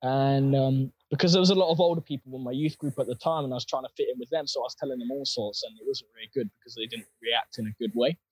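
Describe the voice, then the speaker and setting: A young man with a husky voice, telling his personal faith story in an earnest, rambling way with plenty of fillers. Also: mid-range voice, fairly even intonation, fast, few pauses, dry recording. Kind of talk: casual personal testimony.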